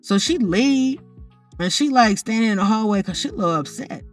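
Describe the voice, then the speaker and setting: A woman talks her way through a game story in a loose, gossipy tone, ribbing the characters as she goes. Her voice sits a little back from the microphone. Soft music plays underneath. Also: a little high, expressive, a little fast, far from the mic. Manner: chatty, teasing, talks straight to the characters. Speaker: narrator of a life-simulation story. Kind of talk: casual commentary over gameplay footage.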